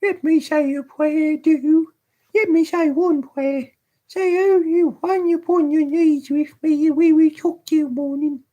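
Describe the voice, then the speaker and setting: A gentle pleading young boy. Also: very high voice, fairly even intonation, a little slow, pitched above the performer's own voice. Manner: pleading, earnest.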